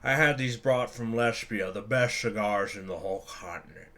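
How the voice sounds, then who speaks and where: A man's voice: on the low side, normal speed, fairly bright tone, lightly acted. A man voicing a smug, portly older male business tycoon, drawling and patronizing as he talks. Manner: drawling, self-satisfied, patronizing.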